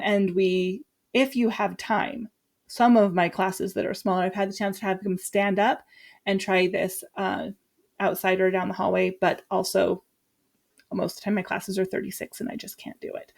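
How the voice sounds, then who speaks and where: A woman from Utah, a teacher, chatting casually and lively as she walks through her lesson plan with quick asides. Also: mid-range voice. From Utah, USA.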